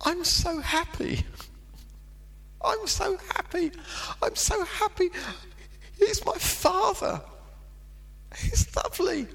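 A man voicing his twelve-year-old self, weeping with joy and gushing in high, breathless repetitions. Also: slow pace, gravelly, pauses often, a bit bright, full character voice. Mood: ecstatic.

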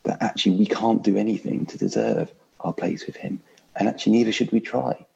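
A man's voice: on the low side, brisk, gravelly, a little mellow, slightly rough, highs cut off. A man preaching a sermon from home in an earnest, conversational way. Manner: earnest, repeats "actually" often.

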